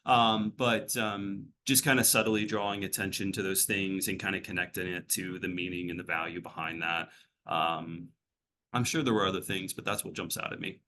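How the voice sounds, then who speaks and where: A man's voice: deep voice, steady tone, normal speed, bright, forceful tone, slight background noise. A man working as a behavioral health clinician, answering interview questions in a rambling, casual way, full of fillers and restarts.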